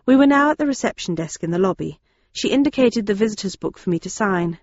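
A woman's voice: medium pitch, lively intonation, fast talker, a little mellow, no echo, lo-fi sound. Woman narrating a story, dry and wry. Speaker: audiobook narrator. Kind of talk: scripted first-person narration.

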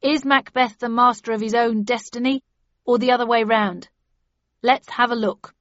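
A woman voicing a male master of ceremonies with bright announcer patter. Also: a little high, fairly even intonation, moderate pace, no room sound, dull audio, close to an everyday voice. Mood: announcing. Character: showy awards-night male master of ceremonies.

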